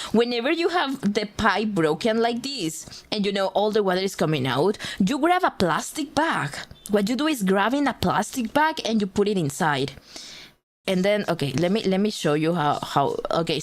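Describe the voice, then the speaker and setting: Woman rambling, swearing streamer. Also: medium pitch. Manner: rambling animated storytelling with swearing and laughter. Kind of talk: casual livestream chat.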